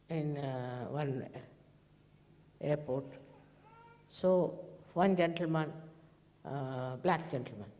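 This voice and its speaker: Woman spiritual teacher, mellow tone, anecdotal talk to followers, big reverberant hall. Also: sits low. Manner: rambling, anecdotal, acts out quoted dialogue. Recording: long echo of a large hall.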